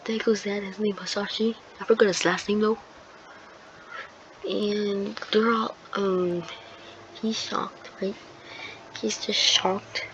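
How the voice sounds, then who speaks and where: A woman's voice: mid-range voice, level tone, slow, pauses often. A woman casually retelling a fan story in a rambling, hesitant way, full of fillers and restarts. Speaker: video creator. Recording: dull lo-fi sound with clear background noise.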